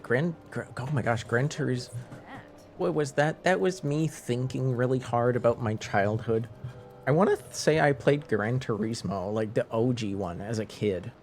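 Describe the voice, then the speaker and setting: A man's voice: medium pitch, darkish tone, a little hiss or hum. A man chatting casually with viewers on a live stream, rambling, laughing and restarting his sentences.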